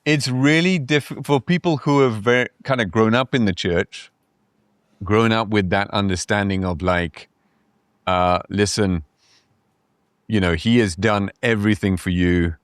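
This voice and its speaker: Man, low voice, reflective, casual podcast chat, dry close sound. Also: measured pace, clear, resonant tone, dry recording.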